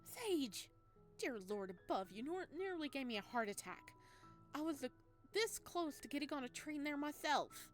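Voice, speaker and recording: A woman's voice: sits high, sing-song, normal speed, faint music behind, voice pushed up. A woman voicing an anxious, doting middle-aged mother who frets and exclaims. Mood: fretful. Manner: fretful and exclaiming.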